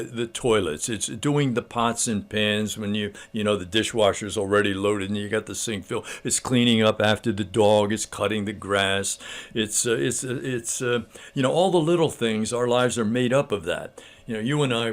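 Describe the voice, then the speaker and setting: An older man giving a casual spiritual talk, telling a story in a halting, homespun, earnest way. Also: on the low side.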